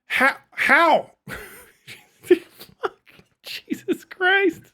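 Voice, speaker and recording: High-voiced man ranting on a livestream. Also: drawn-out words. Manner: profane, laughing, animated storytelling. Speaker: livestream host. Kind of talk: casual livestream rant.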